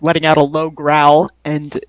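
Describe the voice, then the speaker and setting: A man playing a tabletop game, speaking hesitantly with frequent pauses. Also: a little high, monotone, dry recording, rough recording. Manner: hesitant, lots of uh. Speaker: player. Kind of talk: casual tabletop gaming chat.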